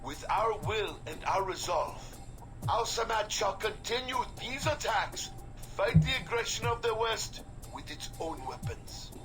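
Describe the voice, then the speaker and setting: A man's voice: high-pitched, animated, measured pace. An actor playing a male terrorist leader in a game, giving a solemn, grandiose threat in a put-on foreign accent. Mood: menacing. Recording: game audio with music behind.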